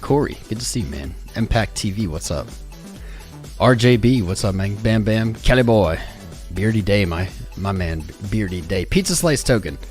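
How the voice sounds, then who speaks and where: A relaxed American man hosts a casual live stream, chatting loosely and greeting viewers by name. His voice sits on the low side and is a touch hoarse. Faint music plays behind him. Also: normal speed. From United States. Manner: laid-back, greets chat by name, rambling. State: slightly losing his voice. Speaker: crypto livestream host. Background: music playing.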